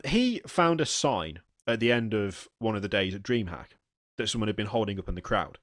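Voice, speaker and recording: A man's voice: on the low side, fairly bright tone, no room sound, studio quality. A man, co-hosting a casual podcast and telling a story with lots of ums and restarts. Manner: rambling, self-interrupting storyteller with frequent ums. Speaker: podcast co-host. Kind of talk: casual chat.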